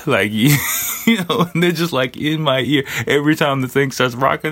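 A man's voice: medium pitch, expressive, slow pace, a bit bright. A man telling a personal story in a loose, casual way, full of fillers and swearing. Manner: rambling, profane, many fillers.

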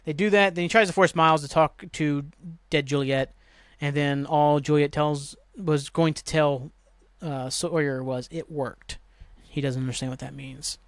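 A man's voice: fairly high pitch, fairly even intonation, normal speed, dry recording. Griping, rambling man recapping TV. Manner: rambling, profane, exasperated griping. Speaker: podcast host. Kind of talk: casual TV episode recap.

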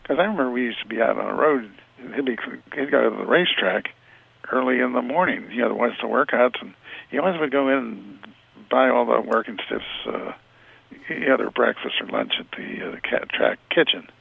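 An older man telling stories as an interview guest, rambling and halting with many restarts. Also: mid-range voice, expressive, no echo. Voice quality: gravelly, husky. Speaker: interview guest, retired football scout. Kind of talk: storytelling over the phone. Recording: tinny phone line.

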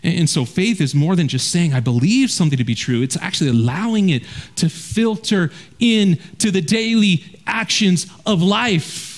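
High-voiced pastor preaching earnestly. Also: male voice, moderate pace. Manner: earnest preaching, drops low and quiet for emphasis, repeats words when restarting. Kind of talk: sermon.

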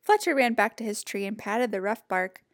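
A woman reading a children's picture book aloud in a gentle, expressive storytelling voice. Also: medium pitch, moderate pace, dry recording, clean studio sound.

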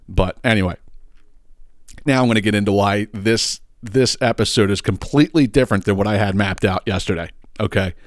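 Ranting Philly-man, dry mic. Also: no room sound. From Philadelphia area. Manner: animated, swearing, pitch jumps up when ranting. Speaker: podcast host. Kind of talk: casual ranting monologue. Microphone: side-address studio microphone.

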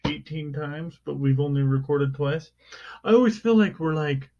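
A man's voice: a little high, normal speed, darkish tone. A man co-hosting a podcast, making jokes in casual banter. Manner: jokey, playful, switches into mock newsreader voice. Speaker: podcast co-host. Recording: dull lo-fi home recording.

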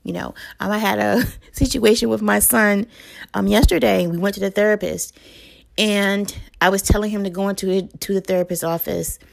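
A woman with a gravelly, fry-tinged voice at a middle pitch, talking casually about raising children. She speaks like a mother sharing advice to camera, loose and conversational. Her phrasing is full of little fillers and restarts. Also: fairly even intonation, moderate pace. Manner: conversational, with frequent fillers and self-corrections. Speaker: parenting advice host.

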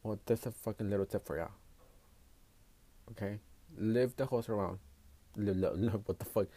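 Recorded dry, the podcast host's fairly low, dark voice moves at a moderate clip. His solo monologue is laid-back but crude and blunt, and he switches back and forth between English and Spanish.

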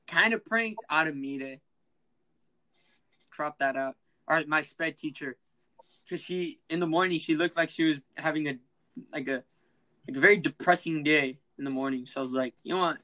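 Teen boy, casual podcast chat, higher voice, excitable, slangy, acts out voices. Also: poor audio. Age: teens. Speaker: podcast host.

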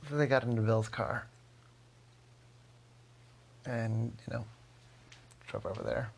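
A man with a gravelly voice telling a story casually, rambling with fillers. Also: mid-range voice, steady tone, slow pace, slight background noise.

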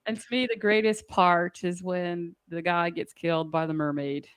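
A woman's voice: fairly low pitch, steady tone, moderate pace, clean tone, no room sound. Woman, casual chat, giggly storytelling, dry close sound. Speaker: podcast co-host.

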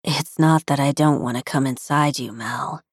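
Woman voicing a husky, murmuring young man. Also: rumbling low, steady tone, moderate pace, dry recording, studio quality. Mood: tender. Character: young man, soft-spoken tender stepbrother.

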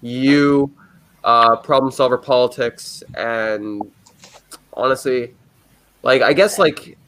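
A man's voice: mid-range voice, slow, fairly bright tone. A man chatting casually about politics as a guest, rambling and hesitant, with many fillers and restarts. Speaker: guest commentator.

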